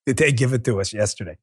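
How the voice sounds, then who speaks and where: A man's voice: mid-range voice, slightly rough. A man from Queens, New York, hosting a political commentary podcast in a brash, profane, rambling way with frequent restarts. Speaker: host.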